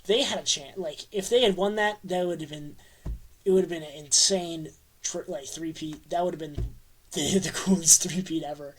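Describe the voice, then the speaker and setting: A young adult sports fan ranting to camera, rambling and excitable, with a steady stream of "like" fillers. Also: mid-range voice, moderate pace. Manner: rambling and excitable, heavy use of "like". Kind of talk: casual rant to camera.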